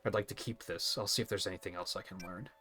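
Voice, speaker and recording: A man's voice: sits low, fairly even intonation, fast, sharp tone. A man reading aloud the lines of a weary exiled clan survivor in a video game, in a plain, thoughtful tone. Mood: reflective.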